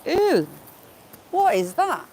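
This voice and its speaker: A woman's voice: very high-pitched, huge pitch swings, slow, a little mellow, low-quality recording. A woman vlogging a walk along a river, chatting casually and greeting viewers by name as she goes. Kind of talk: casual live-stream walk chat. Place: outdoors by a wooded river. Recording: faint outdoor background noise.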